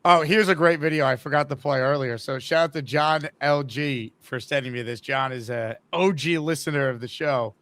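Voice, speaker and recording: A man hosting a sports podcast, excitable and laughing often as he narrates clips. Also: mid-range voice, moderate pace, hardly any pauses, no room sound. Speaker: podcast host. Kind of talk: casual sports chat.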